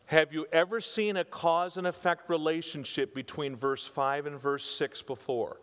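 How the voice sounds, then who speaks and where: A man's voice: fairly high pitch, steady tone, normal speed, fairly bright tone, smooth. An older man preaching a conversational sermon, with emphatic repetition and rhetorical questions to his congregation. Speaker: pastor. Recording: reverberant hall sound.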